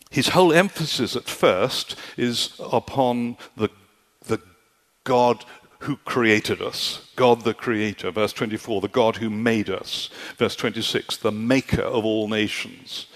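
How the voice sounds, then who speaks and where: Preaching a sermon emphatically, a man with a lowish voice speaks slowly and keeps asking his listeners whether they see his point. A long hall reverb surrounds his words.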